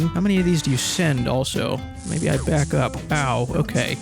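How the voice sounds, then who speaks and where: A man's voice: a little high, normal speed, gravelly, few pauses, music in the background. A young man commenting on a game playthrough in a sarcastic, joking manner, reading quest lines aloud and swearing now and then. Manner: sarcastic and joking, swears, playful role-play toward characters. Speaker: gaming streamer.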